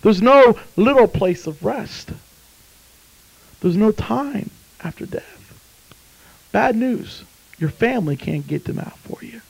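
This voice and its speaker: High-voiced impassioned man preaching. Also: lively intonation, slow pace, vocal fry, pauses often, breathy edge, rough recording. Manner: impassioned, swings from hushed to shouting. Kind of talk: sermon.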